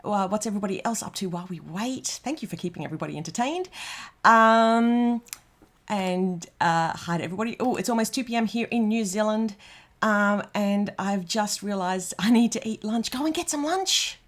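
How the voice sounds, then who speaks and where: A woman's voice: medium pitch, moderate pace. An Australian woman hosting a casual livestream, chatting and rambling with lots of ums and restarts. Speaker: livestream host. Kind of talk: casual livestream chat reading out comments.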